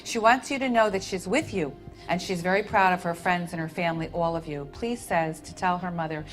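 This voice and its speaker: A woman working as a medium, relaying messages to audience members in a soft, tender, soothing manner with endearments. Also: on the low side, fairly quick, soft background music, rough recording. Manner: soft, soothing, tender, calling people honey and sweetheart. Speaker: medium at a public reading. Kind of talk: live spirit reading to an audience.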